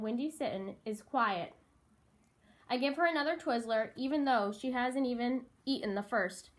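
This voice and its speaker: A woman reading a first-person novel aloud in a measured, wry storytelling voice. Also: fairly high pitch. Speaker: audiobook narrator. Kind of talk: first-person audiobook narration.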